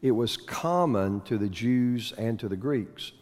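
A man's voice: mid-range voice, lively intonation, unhurried, a little mellow. A man teaching a Bible lesson in a conversational way, asking his listeners questions and slipping in corny puns. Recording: long reverb of a hall.

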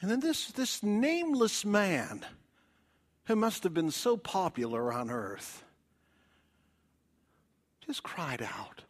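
Slow, dramatic male preacher. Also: high-pitched, sing-song, creaky. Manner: dramatic, swings from loud appeals to hushed whispers. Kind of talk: evangelistic sermon. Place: church.

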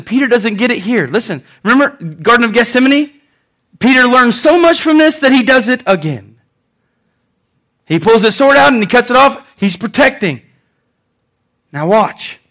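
A man preaching a sermon with a high-pitched voice for a man. He is animated and quick to joke, and he slips into acting out the lines he quotes. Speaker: pastor.

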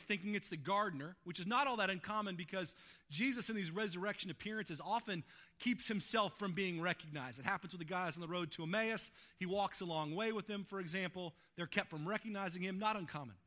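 A man's voice: sits high, pushed and bright. A man pastor preaching a sermon, retelling a scripture passage in a conversational way and often adding "right?" to check in with listeners.

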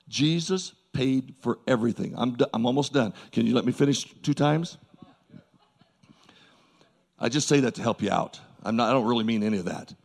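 A man preaches a sermon to his congregation during a church service, folksy and animated, with emphatic repetition and asides to the crowd. His voice is medium-pitched with vocal fry, at normal speed.

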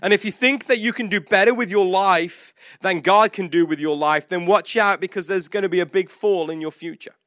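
A man preaching a sermon, retelling a Bible story with animated acted-out quotes and lots of casual "like" fillers. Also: high voice, fairly quick, few pauses, no echo, clean studio sound. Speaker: pastor.

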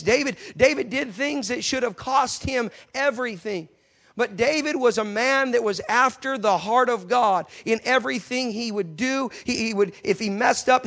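A man with a high-pitched voice delivers a passionate sermon from the pulpit of a church. He swings between soft, confiding stretches and sudden loud bursts. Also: creaky. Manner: passionate preaching with sudden loud outbursts and acted quotes. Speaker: pastor.

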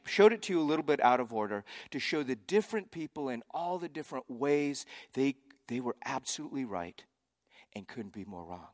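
A man preaching a sermon, animated and acting out the voices of arguing crowds. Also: mid-range voice. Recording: long hall reverb.

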